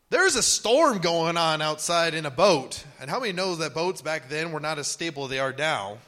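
A man preaching a sermon with animated delivery, sometimes acting out panicked voices. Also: a little high. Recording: long hall reverb.

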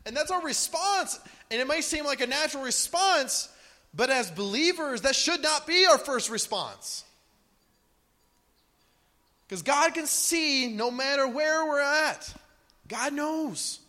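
A man preaching a sermon with animated delivery, sometimes acting out panicked voices. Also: very high-pitched, slow pace, long pauses. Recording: long hall reverb.

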